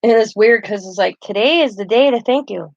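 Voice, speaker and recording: Her medium-pitched voice is creaky and fairly quick as this craft channel host rambles through stories, laughing, in a casual show-and-tell vlog about her keepsakes. The lo-fi recording has no echo.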